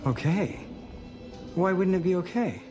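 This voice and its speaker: A man's voice: sits high, lively intonation, measured pace. A possessed, falsely polite young man. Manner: smooth, mock-courteous, controlled. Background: tense music score.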